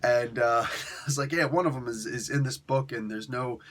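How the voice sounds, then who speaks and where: A man's voice: mid-range voice, moderate pace, a bit bright. A man giving a casual, rambling spoken review of a comic book, chuckling often and correcting himself as he goes. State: in pain.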